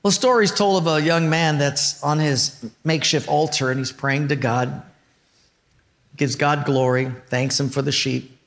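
A male pastor preaching a sermon in an expressive storytelling manner. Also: on the high side, normal speed.

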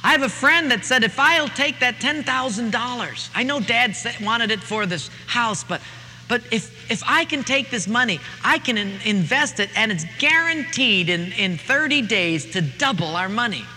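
A man's voice: very high voice, expressive, moderate pace, sharp tone, a little hiss or hum, voice pushed up, full character voice. A man voicing a desperate young man who pleads with his mother and stammers, recorded in a reverberant hall with faint ambience. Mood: pleading.

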